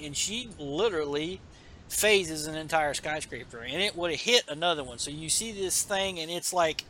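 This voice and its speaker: A man hosting a casual comic book podcast, rambling and filler-heavy. His voice is bright and a little high for a man. A faint hiss sits underneath. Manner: rambling, many fillers, self-deprecating asides. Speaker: podcast host.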